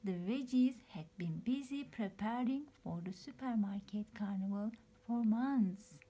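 A woman teacher reading a children's picture book aloud, often in a soft, near-whispered narrating voice. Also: medium pitch, measured pace, hardly any pauses, husky. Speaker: preschool teacher.

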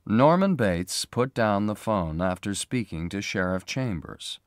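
Slow, expressive male storyteller. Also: lowish voice, no room sound, studio quality. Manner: slow, clear, expressive reading. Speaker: narrator. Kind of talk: graded reader story narration.

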